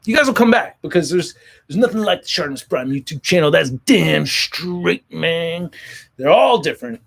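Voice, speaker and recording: A toy collector channel host runs a casual livestream, reading viewer comments and joking around. His voice is a little high, animated, and creaky at a moderate pace, and his talk is rambling, profane, and full of restarts.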